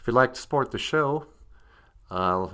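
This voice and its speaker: A man's voice: medium pitch, expressive, moderate pace, fairly bright tone, pitched below the performer's own voice, close to an everyday voice. A man voicing a serious, polite male dog with a Southern US accent, who stammers and defers to the host. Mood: earnest.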